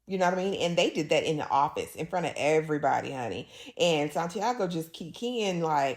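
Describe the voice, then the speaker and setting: Woman host, lowish voice, sassy casual recap that acts out the lines. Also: animated, moderate pace, darkish tone.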